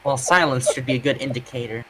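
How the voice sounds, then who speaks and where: A man's voice: mid-range voice, fast, fairly bright tone, husky, poor audio. A man in casual stream banter, mocking his friend in a dry tone.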